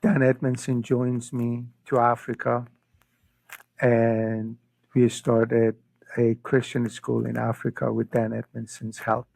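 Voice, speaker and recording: Slow earnest guy, middle-aged, telling his faith story, repeats himself a lot, dry close mic. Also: mid-range voice, level tone, gravelly, darkish tone, no room sound, poor audio. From Iran. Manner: earnest, emotional storytelling with frequent word repeats. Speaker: podcast guest. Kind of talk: personal faith testimony.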